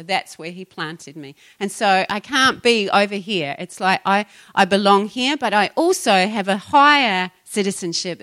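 A woman's voice: medium pitch, a bit bright. A middle-aged woman pastor with a New Zealand accent, talking casually and chattily, often laughing and trailing off mid-sentence. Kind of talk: casual Christian podcast talk.

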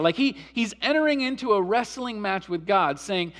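Man, pastor, sermon, high voice, earnest, swings between loud passion and quiet hush. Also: animated, moderate pace, hardly any pauses. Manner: earnest, rises loud on emotional quotes then drops low and quiet. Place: church sanctuary.

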